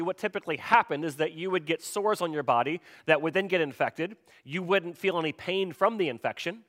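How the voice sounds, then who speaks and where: Guy preaching a sermon, kinda high voice, talks like a chat, keeps asking the crowd stuff. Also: fairly bright tone. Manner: conversational, asks the congregation questions. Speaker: pastor.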